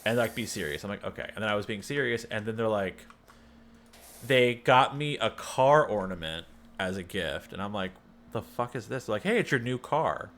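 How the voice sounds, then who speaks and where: A man's voice: fairly low pitch, animated, moderate pace, a bit bright. A man, telling a rambling personal story on a livestream, wry and full of restarts. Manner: rambling, self-interrupting, wry. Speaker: streamer. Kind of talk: casual storytelling chat.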